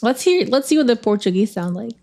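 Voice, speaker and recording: A woman's voice: a little high, lively intonation, quick pace, dark tone, slight background noise. Chatty, rambling woman streamer. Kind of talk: casual chat.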